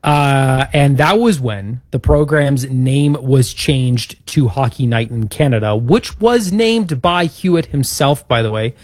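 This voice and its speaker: A man's voice: mid-range voice, lively intonation, measured pace, hardly any pauses, a little mellow, dry recording. A man co-hosting a podcast, recounting a bit of history in an upbeat, casual way. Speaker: podcast co-host. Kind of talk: casual chat.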